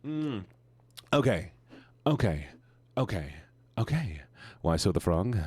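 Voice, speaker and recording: A man's voice: fairly low pitch, very animated, slow pace, long pauses, darkish tone, husky, no echo. A man streaming, greeting his viewers in a playful, sing-song, teasing way. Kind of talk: casual chat greeting viewers.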